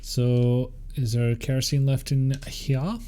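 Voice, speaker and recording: A man's voice: medium pitch, little pitch movement, slow pace, very noisy. A British man giving casual gameplay commentary, dry and self-mocking, muttering to himself on a close compressed mic. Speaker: streamer. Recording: game music behind.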